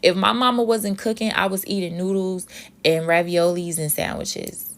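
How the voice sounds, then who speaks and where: A woman's voice: lowish voice, steady tone, moderate pace. Frank young woman, candid storytelling. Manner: emotional, frank, swears freely. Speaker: vlogger.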